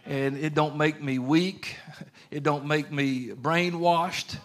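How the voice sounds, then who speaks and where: A man's voice: fairly high pitch, steady tone, slow pace, fairly bright tone. Earnest preacher man. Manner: earnest, conversational preaching with colloquial grammar. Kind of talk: sermon.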